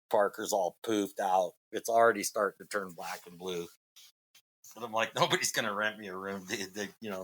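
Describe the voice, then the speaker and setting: A man's voice: low-pitched, bright, forceful tone. A middle-aged man from Massachusetts, a podcast guest, telling a long story in a rambling way with many fillers and restarts. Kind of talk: casual storytelling.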